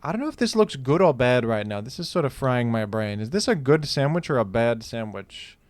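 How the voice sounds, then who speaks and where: A man's voice: mid-range voice, big pitch swings, brisk, no echo. A man hosting a gaming video, giving casual, rambling commentary with a joking, incredulous manner. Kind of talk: casual commentary while playing.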